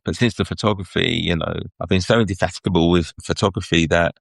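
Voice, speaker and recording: A man with a London English accent and a very low voice tells anecdotes in a casual interview. He is chatty and lively and slips into laughter as he goes. The sound is close and completely dry. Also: fast, creaky, no echo. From England. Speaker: guest photographer.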